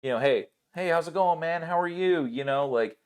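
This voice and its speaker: Male podcast host, casual, animated, swears a lot, acts out quotes. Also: fairly high pitch, moderate pace, smooth. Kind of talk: casual storytelling chat.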